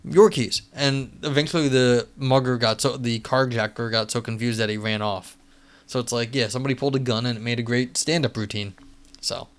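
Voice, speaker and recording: Rambling streamer man, smooth voice. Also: mid-range voice, steady tone, a little fast, a bit bright. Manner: rambling, many fillers and restarts. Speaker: live streamer. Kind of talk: casual live-stream chat and reading aloud. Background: faint music.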